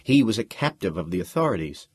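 A man narrating a science fiction story in an expressive, dramatic audiobook reading. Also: on the low side, fast, breathy edge.

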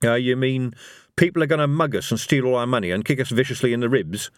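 A man's voice: medium pitch, quick pace, no echo, studio quality, lightly acted. A man voicing a nervous, sarcastic wizard with a sardonic way of talking.

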